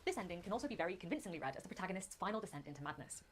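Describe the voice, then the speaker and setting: A woman's voice: lowish voice, very animated, rapid-fire, a little hiss or hum. A woman hosting a video of literary analysis, posing thoughtful questions to viewers.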